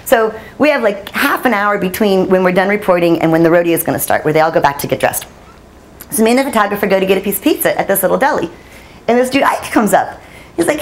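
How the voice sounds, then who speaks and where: A woman journalist telling stories at a storytelling summit, lively and laughing, acting out the voices she quotes. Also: medium pitch, fast talker, background noise. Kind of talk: animated storytelling talk. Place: conference hall.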